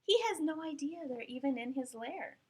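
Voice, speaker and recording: A woman reading a children's picture book aloud at story time, animated and sing-song, pausing for little asides to the listeners. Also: sits high. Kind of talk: expressive read-aloud storytelling.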